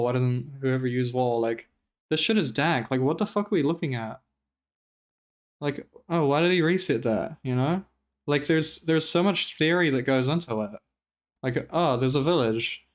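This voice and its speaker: A man streaming live, giving loose, profane commentary as he reacts to gameplay. His voice is smooth and clear and sits at a middle pitch. He rants with animated exasperation.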